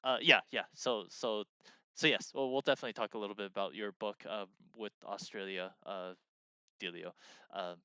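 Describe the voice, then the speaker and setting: A man's voice: lowish voice, fairly even intonation, moderate pace, bright, forceful tone, smooth, no echo, dull audio. A man co-hosting a game design stream in casual chat, rambling with lots of fillers and restarts as he reads out viewer messages.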